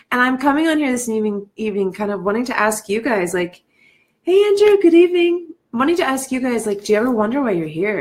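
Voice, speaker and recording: A woman coach talking to viewers on a live stream from home in the evening. She sounds reflective and emotional, laughs often, and fills her talk with "like". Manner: greets viewers in a bright, high lift. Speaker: life coach and speaker.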